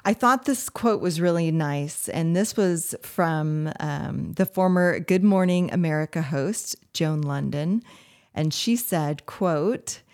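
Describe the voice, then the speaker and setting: A woman hosting an interview, speaking in a measured, reflective way. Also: low voice, a little mellow. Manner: measured, reflective, reads a quote aloud. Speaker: host.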